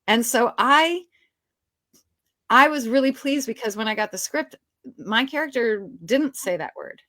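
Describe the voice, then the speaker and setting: A woman guest with a slightly high voice, chatting through behind-the-scenes stories. She talks loosely, with lots of "you know" and "like". The sound is dry and close. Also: lively intonation, a little slow, a bit bright, dry recording. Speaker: actress guest. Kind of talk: casual storytelling interview.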